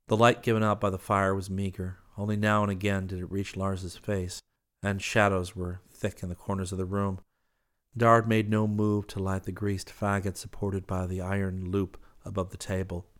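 Deep, flat-voiced male storyteller. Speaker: audiobook narrator. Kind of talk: scripted narration.

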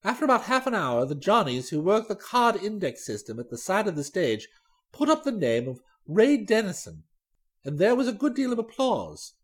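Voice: mid-range voice, wildly swooping pitch, moderate pace, slightly rough. Audiobook reader, dry wry young gent telling the story, voice jumps around a lot. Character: young gentleman narrator, dry and amused. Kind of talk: storybook narration.

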